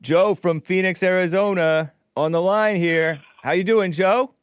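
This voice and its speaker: A man's voice: high-pitched, unhurried, smooth, dry recording. A man hosting a casual live show, reading chat messages aloud with a wry, laughing manner. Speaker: show host.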